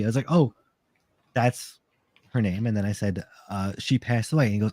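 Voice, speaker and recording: A man's voice: fairly low pitch, normal speed, a little mellow, no room sound. A man in casual podcast chat, slightly tipsy, rambling with many restarts and repeated words.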